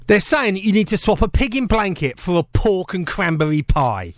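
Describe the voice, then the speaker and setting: A man's voice: sits high, sing-song, normal speed, no echo. A man hosting breakfast radio, cheeky and teasing in playful banter from a studio.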